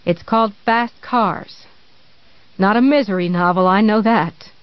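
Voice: mid-range voice, measured pace, clean tone, no echo, natural voice. A narrator voicing a sweetly menacing obsessive woman. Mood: cloying. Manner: earnest, cloying, prim. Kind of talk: audiobook reading. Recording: dry, slightly dull recording.

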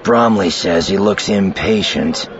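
A man voicing a dutiful male security aide who reports quietly and uneasily, in a dull lo-fi recording. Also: low voice, unhurried, a little hiss or hum, voice pushed up.

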